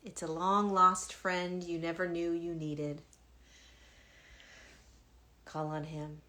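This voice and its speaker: A woman spiritual teacher talking to viewers in a casual livestream, gentle and musing. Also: lowish voice, little pitch movement, takes it slowly, long pauses. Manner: gentle, musing, soft-spoken.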